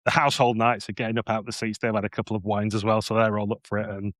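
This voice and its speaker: A man runs a tabletop game as game master, narrating scenes in a playful, descriptive way and often restarting his phrases. His voice sits a little low, and the recording sounds dry and close. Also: level tone, very fast, a bit bright, no room sound.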